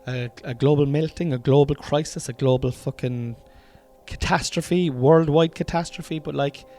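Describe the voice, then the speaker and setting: A man's voice: on the high side, steady tone, moderate pace, dark tone, soft background music. An Irish man hosting a podcast in a room at home. He talks in a rambling, casual comedic monologue, swears freely and calls his listeners lads. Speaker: podcast host.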